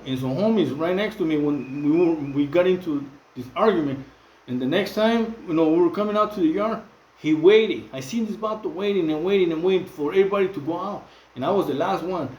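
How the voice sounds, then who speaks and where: High-voiced Mexican man in a roomy echo. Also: darkish tone. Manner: repetitive, many fillers and restarts, street slang. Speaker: channel host. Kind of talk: casual monologue to camera. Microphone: phone.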